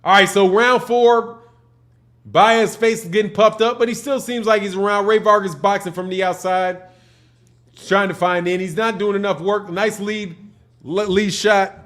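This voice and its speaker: A man's voice: high-pitched, steady tone, normal speed, a bit bright. A man from Chicago with a Chicago accent, hosting a casual livestream, chatting with viewers and commenting on a boxing fight in a loose, slangy way. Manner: laid-back slangy talk, reading out chat messages. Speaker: livestream host.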